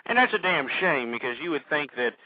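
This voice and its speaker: A man's voice: on the high side, sing-song, brisk, no echo. Man, radio talk host, vulgar impassioned rant, dry close mic, dull lo-fi sound. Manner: shouting, vulgar, impassioned ranting. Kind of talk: ranting call-in talk radio.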